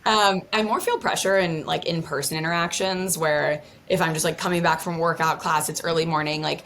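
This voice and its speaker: A woman's voice: low-pitched, a bit bright, slight background noise. A young woman content creator talking casually as an interview guest, chatty and full of "like". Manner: chatty, lots of "like" and fillers.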